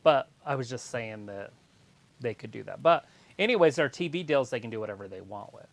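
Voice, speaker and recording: A man's voice: mid-range voice, expressive, fairly quick, gravelly. A man co-hosting a casual wrestling watch-along live stream, explaining things in a rambling, matter-of-fact way.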